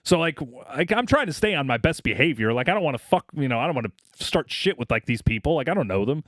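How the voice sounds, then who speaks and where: A man co-hosts a podcast, rambling through long stories in a casual, profane style full of fillers like "like" and "you know." His voice sits on the high side, sing-song and a bit bright, and he talks fast. The studio sound is clean, with no echo.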